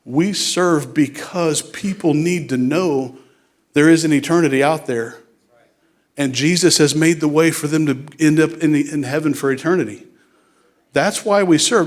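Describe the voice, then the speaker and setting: A man preaching a sermon as a guest speaker in a church, joking and animated, then hushed and earnest in prayer. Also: on the high side, moderate pace. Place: church sanctuary. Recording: clear music in background.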